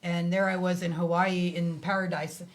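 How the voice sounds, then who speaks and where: A woman's voice: lowish voice, normal speed. A woman guest on a talk show telling a personal story in casual chat, acting out the voices of the people in it. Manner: animated, acts out quoted dialogue.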